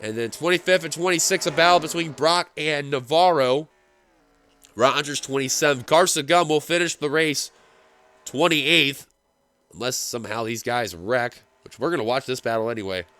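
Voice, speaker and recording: A man giving play-by-play commentary on a simulated stock car race, getting excitable as the finish nears. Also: fairly high pitch, normal speed. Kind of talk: play-by-play sim racing commentary.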